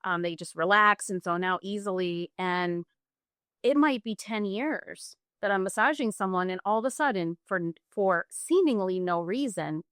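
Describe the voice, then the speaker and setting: A middle-aged woman, a yoga teacher and bodyworker, guesting on a podcast and telling stories in an animated way. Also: mid-range voice, normal speed, smooth, no echo, studio quality. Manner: animated storytelling, acts out quoted clients. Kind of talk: casual conversational interview.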